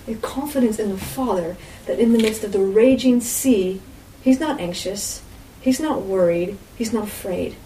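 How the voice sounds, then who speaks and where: Lady teaching bible stuff, chatty, lots of "you know", mellow voice, far from the mic. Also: mid-range voice, moderate pace. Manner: conversational, frequent "you know" asides. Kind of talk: informal sermon. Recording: roomy echo, distant mic, faint background noise.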